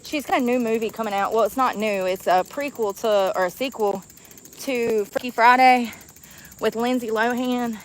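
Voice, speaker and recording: A woman's voice: on the high side, normal speed, low-quality recording. Woman vlogging on her phone in a park, chatty, says y'all a lot, bit winded, some outdoor noise. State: out of breath while walking uphill. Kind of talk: casual vlog chat. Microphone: phone held while walking.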